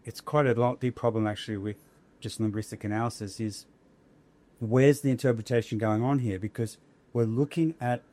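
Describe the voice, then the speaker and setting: A man's voice: medium pitch, warm tone. Thoughtful man explaining ideas aloud. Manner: thoughtful, searching for words with frequent restarts. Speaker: academic guest explaining linguistics. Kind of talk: conversational explanation.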